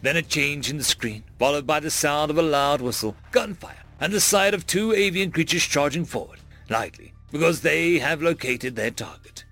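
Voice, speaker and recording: A man narrating fan-written stories aloud in an expressive storytelling manner. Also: fairly high pitch, moderate pace, soft background music.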